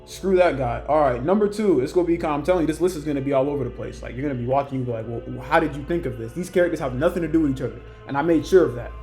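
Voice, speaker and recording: A young man with a voice pitched a bit high talks in a loose, rambling rant. He jumps between points and acts out other people's lines in raised voices. Faint music plays behind him. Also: rapid-fire, few pauses, dark tone. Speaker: YouTuber ranking characters. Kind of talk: casual ranting commentary.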